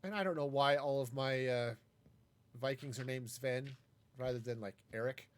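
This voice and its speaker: A man's voice: medium pitch, normal speed. A man casually talking through a live game stream, wry and self-mocking as he rambles. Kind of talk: casual gameplay commentary.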